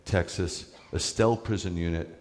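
A man's voice: low-pitched, fairly even intonation, moderate pace, darkish tone, big-room sound. A man giving a sermon as a rabbi, talking conversationally and stressing his points to the congregation. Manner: conversational, emphatic preaching with asides to the congregation.

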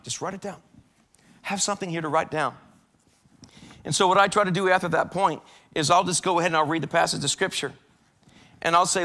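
A man's voice: on the high side, brisk, bright, forceful tone. A man speaking as a pastor, giving a casual devotional talk in a church and acting out prayers with a lifted voice. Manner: conversational, acts out prayers and complaints in a raised voice.

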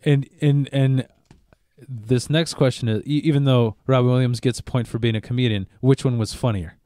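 A man's voice: medium pitch, fairly even intonation, moderate pace, mellow, no echo. A man co-hosting a casual podcast, telling crude stories and laughing at his own jokes. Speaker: podcast co-host.

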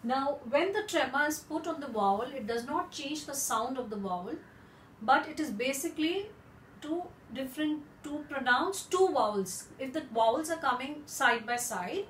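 A woman teaching French in a lesson, explaining slowly and repeating words for practice. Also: high-pitched, expressive, a bit bright, echoey room, recorded from a distance, slight background noise, low-quality recording.

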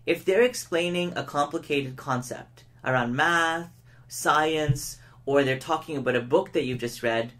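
A man giving a public speaking lesson, who shows each point by speeding up, slowing down and shifting his tone of voice. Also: fairly high pitch, fairly bright tone. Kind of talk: educational lesson to camera.

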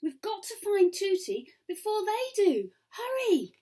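A woman's voice: sing-song, slow pace, distant mic, full character voice. A woman doing an urgent, bossy little princess girl. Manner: hissing, insistent, high and loud. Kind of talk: storybook read-aloud.

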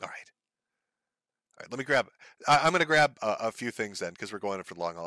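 A man's voice: on the low side, expressive, fast, long pauses, bright, forceful tone, no echo. A man hosting a live stream, ranting in profane, sarcastic, mocking commentary. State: sore, says his throat gives out.

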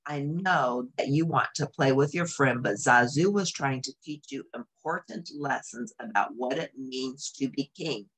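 Woman voicing a calm, wise lion king. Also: very deep voice, husky, exaggerated voice. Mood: fatherly. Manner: calm, measured, fatherly. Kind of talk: storybook reading.

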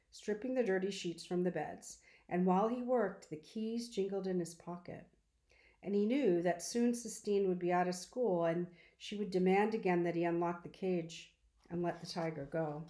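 Woman reading a novel aloud, calm and measured, low voice, roomy echo. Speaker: audiobook reader.

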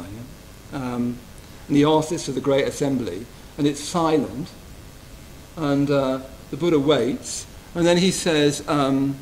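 A man giving a gentle, reflective Buddhist retreat talk, often checking in with his listeners. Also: mid-range voice, slow, slight background noise, low-quality recording. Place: retreat hall.

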